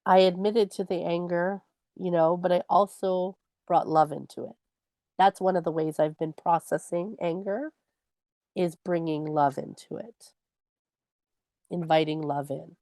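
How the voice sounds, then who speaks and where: Warm-voiced woman telling a parenting story. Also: fairly low pitch, fairly even intonation, a little slow, dry recording. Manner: earnest storytelling, acts out her own quoted words. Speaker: podcast co-host. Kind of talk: casual chat.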